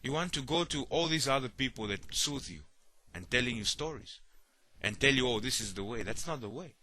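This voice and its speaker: A man's voice: medium pitch, animated, moderate pace, bright, forceful tone. A man preaching a sermon, often repeating himself and asking "you see?", acting out the worried voices of others.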